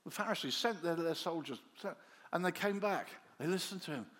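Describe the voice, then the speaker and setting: A man preaching a sermon, telling the story in an animated way and acting out the disciples' voices, dropping to soft low tones for quiet lines. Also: a little fast. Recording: long hall reverb.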